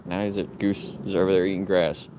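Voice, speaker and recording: Casting: low, easygoing man vlogging outside, lifts to a sing-song tone for dog commands, faint traffic behind. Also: brisk. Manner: relaxed, rambling, gives dogs commands in a raised sing-song voice. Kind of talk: casual chat to camera. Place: outdoors in a yard with his dogs.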